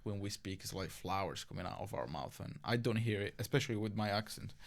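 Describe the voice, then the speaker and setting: A man with a Sardinian Italian accent, Italian his first language, hosting a casual podcast chat in English and speaking softly. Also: lowish voice, expressive, fast talker, vocal fry. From Sardinia, Italy. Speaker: podcast host.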